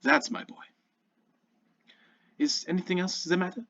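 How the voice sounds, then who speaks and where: A man voicing a warm, fatherly male half-orc burgomaster who speaks softly and reassuringly, on a muffled lo-fi recording. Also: high voice, animated, measured pace, gravelly, pitched above the performer's own voice, full character voice. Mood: gentle. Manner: soft, gentle and reassuring.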